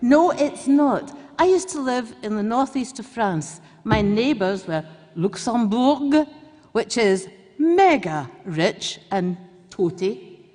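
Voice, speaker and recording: A Scottish woman with a Glasgow accent speaks from a conference stage, her voice fairly high for a woman. She is blunt, chatty and jokey, with the odd swear word slipping out. The sound carries a long echo from the large hall. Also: big pitch swings, takes it slowly, darkish tone. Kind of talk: off-the-cuff political speech.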